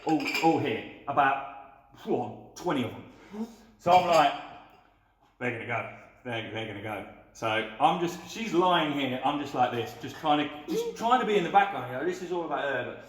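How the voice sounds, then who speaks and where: In a casual conversation, a man appearing as a guest bartender animatedly recounts stories from behind the bar, performing the quoted voices himself. He speaks at a moderate pace with a fairly high pitch, and the recording has a roomy echo.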